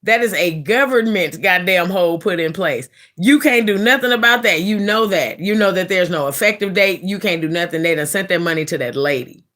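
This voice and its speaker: A woman live streamer casually telling a story in a blunt, profane, animated way. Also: on the low side, normal speed, few pauses.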